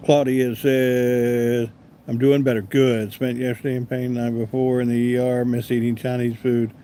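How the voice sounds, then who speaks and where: A man's voice: mid-range voice, little pitch movement, normal speed, mellow, a little hiss or hum. A man with a Southern US accent hosting a casual live stream, chatting easily and answering viewers by name. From American South. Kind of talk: casual live chat reading comments.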